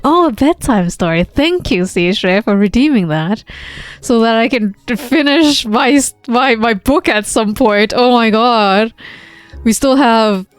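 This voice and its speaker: Slow, giggly woman streamer. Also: on the high side, clean tone, dry recording. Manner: giggly, rambling. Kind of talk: casual game-stream chat.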